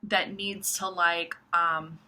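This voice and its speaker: Young woman, bright edgy voice, casual vlogger, animated with frequent cursing. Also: lowish voice, slow pace. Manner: animated, swears, many likes. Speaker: astrology vlogger. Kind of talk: casual monologue to camera.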